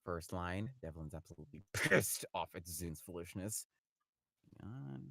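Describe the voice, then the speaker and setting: A man co-hosting a podcast, chatting casually and laughing often, breaking into loud shouted audition lines. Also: low-pitched, normal speed, creaky, no room sound, clean studio sound. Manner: animated, laughs often, bursts into shouted character reads. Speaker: podcast co-host, voice actor. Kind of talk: casual chat with live audition reads.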